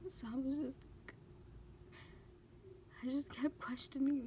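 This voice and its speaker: A woman's voice: sits high, takes it slowly, whispered. A young woman vlogging about a hard personal experience, tearful and fighting back crying as she talks. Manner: tearful, breaking down while telling a story. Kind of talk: emotional personal vlog.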